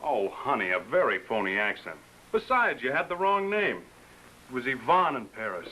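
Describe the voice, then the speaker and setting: A man's voice: mid-range voice, very animated, moderate pace, sharp tone, rough recording. An actor playing a joking, teasing American businessman-adventurer, in 1950s TV drama style.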